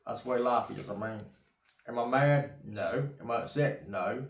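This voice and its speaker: His voice is mid-range and a little slow. A weary investing vlogger up since 3 a.m., he rambles to camera in an echoey room, folksy and repetitive, with casual swearing.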